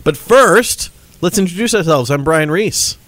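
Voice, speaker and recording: A man's voice: a little high, animated, a little slow, a bit bright, dry recording. A man with the flu hosting a podcast in a chatty way, with fillers and self-corrections. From Florida Gulf Coast. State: sick with flu. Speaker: podcast host.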